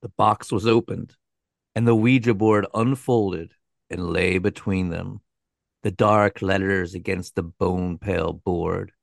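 Male co-host narrator, low gravelly tone, unhurried, measured delivery. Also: steady tone, dry recording. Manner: measured, dramatic, with a dry aside. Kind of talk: scripted storytelling narration.

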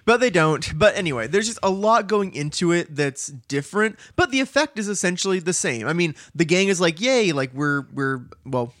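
Guy cohosting a podcast, kinda high voice, bouncy and jokey, dry sound. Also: lively intonation, normal speed, hardly any pauses, a bit bright, no echo. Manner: playful, jokey, laughs often. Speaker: podcast co-host. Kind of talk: casual chat.

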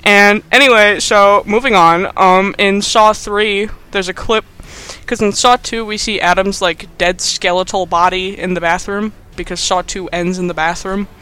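Rambling, bright-voiced man recapping a film. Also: high voice, a little slow, clean tone. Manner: rambling, animated, many fillers. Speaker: podcast host.

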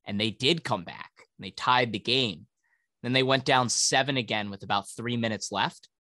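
A man's voice: medium pitch, normal speed, sharp tone, dry recording. A male podcast co-host ranting about sports in casual, profane talk.

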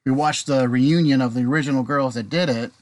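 A man's voice: medium pitch, fairly even intonation, brisk, a little mellow, no echo. A man co-hosting a podcast in casual chat, giving brief, laid-back replies. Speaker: podcast co-host.

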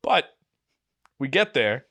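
A young man, telling a story on a podcast in casual, animated style, swearing often and acting out the people he quotes. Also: mid-range voice, slow pace. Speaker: podcast co-host.

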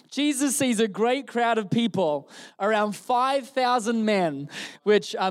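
A male pastor preaching a sermon at a church service, telling the story in a playful, animated way. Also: high voice.

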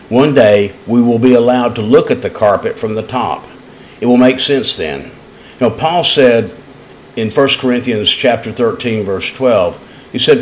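A man with an East Tennessee accent preaches in a lowish voice, folksy and earnest as he tells his stories. A faint hiss sits under the recording. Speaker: pastor. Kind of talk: sermon.

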